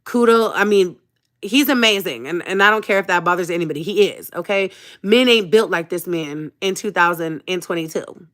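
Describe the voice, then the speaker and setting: A woman vlogging live to her viewers in an emotional storytime chat, her voice bright and forward. She talks in a dramatic, animated way, drops an emphatic "okay?" after her points, and addresses her audience as sis and y'all. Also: on the low side, moderate pace. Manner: speaks straight to viewers, calling them sis and y'all.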